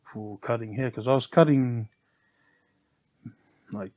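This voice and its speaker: A middle-aged man with a New Zealand accent, a barber guest telling his story in a casual podcast chat, relaxed and often laughing. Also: medium pitch, takes it slowly.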